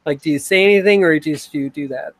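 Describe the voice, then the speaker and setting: A man's voice: a little high, quick pace, poor audio. Casual man running a tabletop game. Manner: casual, filler-heavy narration. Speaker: game master.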